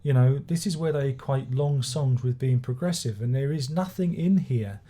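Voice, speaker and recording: A man's voice: medium pitch, moderate pace, dark tone. Sardonic, sweary man reviewing records. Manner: sardonic, swearing, rambling with restarts. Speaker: music reviewer. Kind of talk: casual spoken album review.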